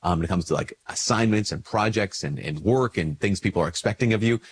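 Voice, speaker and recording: Husky-voiced priest with a head cold. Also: male voice, a little fast. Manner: conversational, acts out little dialogues with lifted pitch. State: congested with a cold. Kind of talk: casual spoken reflection to camera.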